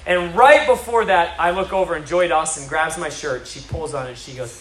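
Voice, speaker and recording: A man preaching a sermon as a story, animated and building to excitement. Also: fairly high pitch, normal speed, roomy sound, a crowd in the background.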